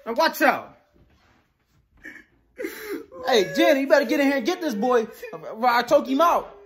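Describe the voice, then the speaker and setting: A man voicing a loud, sharp-tongued mother who swears and scolds her son in a comedy skit. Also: very high-pitched, big pitch swings, exaggerated voice. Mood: scolding. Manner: swearing, exasperated, rapid scolding.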